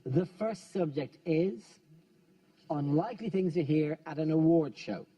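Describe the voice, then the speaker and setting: A man hosting a comedy panel show, joking in a quick, conversational way, heard from a distant studio mic. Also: a little high, lively intonation, dull audio. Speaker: host.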